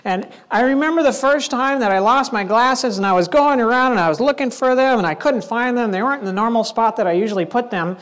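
A man's voice: very high voice, fast, hardly any pauses, fairly bright tone. A man preaching a sermon in a conversational, playful way, acting out little scenes as he goes. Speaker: pastor.

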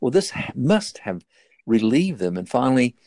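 A preacher with a mid-range, darkish voice retells a Bible story at a moderate pace, very animated throughout. His earnest delivery climbs sharply in pitch at the dramatic points, recorded without echo.

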